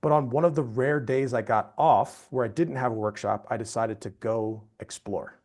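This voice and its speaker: A man, a storytelling expert, telling an anecdote as a podcast guest in a lively, conversational way. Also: mid-range voice, normal speed. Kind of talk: animated storytelling in a podcast interview.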